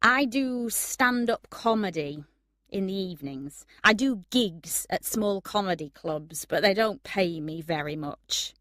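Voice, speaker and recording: A woman's voice: mid-range voice, lively intonation, measured pace, a bit bright, no echo, clean studio sound. A woman voicing a young male stand-up comedian in a storybook reading. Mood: chatty.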